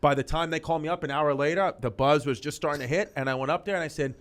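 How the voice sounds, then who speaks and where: A man in his thirties, a comedian guest telling personal stories in a casual interview, with animated delivery and many restarts. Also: on the high side, very fast, few pauses.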